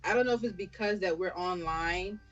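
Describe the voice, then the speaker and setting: A woman's voice: fairly low pitch, a little fast, fairly bright tone, muffled recording, faint music behind. A woman in her thirties, a business owner and interview guest, telling stories bluntly with plenty of swearing. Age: 30s. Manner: blunt, storytelling, heavy swearing. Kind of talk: casual interview chat.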